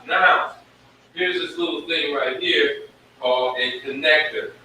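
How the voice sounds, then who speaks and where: A man teaching a live-streamed Hebrew lesson, slowly sounding out syllables at a board. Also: a little high, sharp tone, a little hiss or hum. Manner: slow, drawn-out sounding of syllables. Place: room with a whiteboard. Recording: echoey room, mic at a distance.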